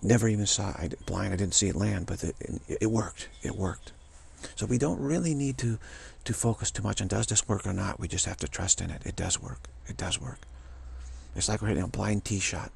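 Gravelly man rambling, spiritual talk. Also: lowish voice, slight background noise. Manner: rambling and repetitive, with halting restarts. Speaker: spiritual vlogger.

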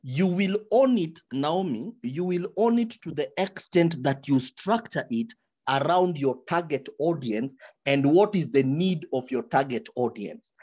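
Animated workshop speaker. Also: medium pitch, unhurried, slightly rough, highs cut off. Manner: animated, repeats words while searching for them, drops into quoted examples. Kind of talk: advice talk in a webinar.

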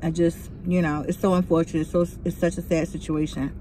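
A woman's voice: on the low side, level tone, brisk, mellow, slight background noise, poor audio. A young adult woman hosting a casual mukbang vlog from inside a car, chatting directly to her viewers. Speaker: vlogger host.

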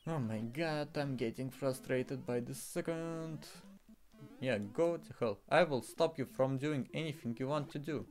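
A man's voice: mid-range voice, a little slow, a little mellow, soft background music. A man giving casual commentary while playing a video game, exasperated and swearing often. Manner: exasperated, swearing, frequent exclamations. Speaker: gaming streamer.

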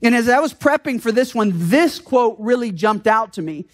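A man's voice: extremely high pitch, lively intonation, normal speed. A male pastor from the United States preaching a sermon in an earnest, conversational way, with frequent rhetorical questions to the congregation.

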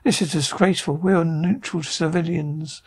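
A man's voice: on the high side, steady tone, normal speed, husky. A man voicing a haughty upper-class English lady who is indignant at being held prisoner. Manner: prim, indignant.

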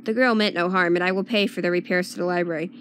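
A woman's voice: fairly low pitch, fairly even intonation, quick pace, a bit bright, a little hiss or hum, lightly acted. A woman voicing a hot-headed, commanding young male prince. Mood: stern.

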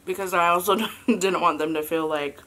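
A woman in her thirties chatting casually as a vlogger and mother, halting and soft with many fillers, fighting back tears. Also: lowish voice. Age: 30s. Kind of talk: casual confessional chat.

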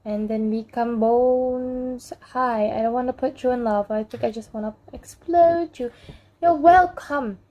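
A woman narrates her mobile gameplay in a relaxed, unhurried way, teasing and threatening the on-screen characters. Her voice sits a little high and has a mellow, soft tone. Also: low-quality recording. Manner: playful, talks to game characters, mock threats. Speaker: gameplay channel host. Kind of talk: casual mobile game commentary.

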